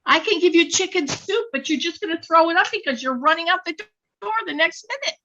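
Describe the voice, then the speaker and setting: A woman's voice: very high-pitched, expressive, brisk, bright, forceful tone, dull audio. A woman spiritual healer leading a live online session, insisting and repeating her points emphatically.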